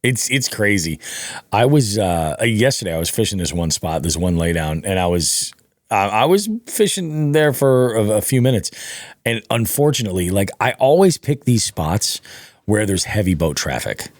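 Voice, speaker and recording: A man's voice: fairly low pitch, very animated, normal speed, no room sound, clean studio sound. A man hosting a podcast, chatting in a laid-back, rambling way and swearing freely. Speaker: podcast host. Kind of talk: casual chat.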